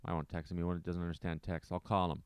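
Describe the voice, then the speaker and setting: A man's voice: low voice, little pitch movement, fast, smooth, no echo, clean studio sound. A man chatting casually on a podcast, self-deprecating and emphatic, often repeating his points. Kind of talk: casual chat.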